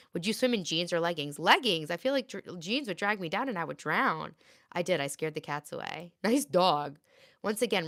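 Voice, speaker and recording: Woman in her thirties, livestream host, rambling casual chat, low gravelly voice. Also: fairly bright tone. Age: 30s. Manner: chatty, rambling, reads viewer comments aloud.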